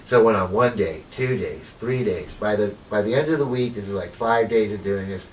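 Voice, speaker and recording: A man's voice: fairly low pitch, brisk, distant mic, a little hiss or hum, rough recording. A formerly homeless man telling his life story in an interview, rambling with lots of "you know" and retelling what people said to him. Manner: rambling, full of "you know" and retold dialogue.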